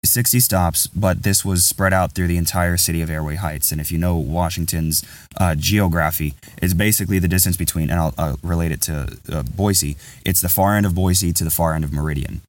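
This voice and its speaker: Deep-voiced man telling a story off-mic. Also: fairly even intonation, a little fast, no room sound, far from the mic. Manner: rambling, candid, says "bro" a lot. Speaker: podcast host. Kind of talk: casual podcast storytelling.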